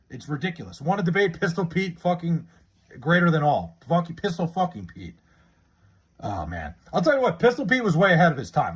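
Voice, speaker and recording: A man's voice: high voice, breathy edge. A man streaming live, chatting casually with his viewers, rambling and swearing freely as he argues about sports. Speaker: live streamer reading chat.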